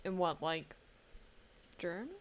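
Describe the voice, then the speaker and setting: A woman's voice: fairly low pitch, slow, muffled recording. A woman co-hosting a game stream, chatting and giggling casually. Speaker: co-host streamer. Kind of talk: casual game playthrough chat.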